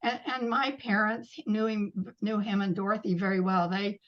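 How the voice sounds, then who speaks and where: An older woman recalls old times gently in a casual interview. Her voice sits at a middle pitch and comes through slightly muffled. She speaks in an unhurried, easygoing way. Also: steady tone. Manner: gentle, reminiscing. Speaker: guest.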